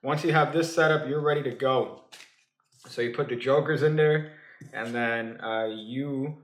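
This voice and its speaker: A man teaches a card trick with plenty of "uh"s and restarts. He slips in dry, offhand jokes as he goes. His mid-range voice rings a little in an echoey room. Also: mid-range voice. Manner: halting, full of fillers and restarts; dry, joking asides. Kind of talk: casual comedic tutorial.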